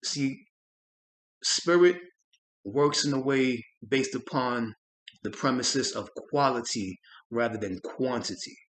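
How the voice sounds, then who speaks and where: A man hosting a spiritual channel, telling a personal experience in an earnest, reflective way, often halting and repeating words. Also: medium pitch, fairly bright tone. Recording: roomy echo.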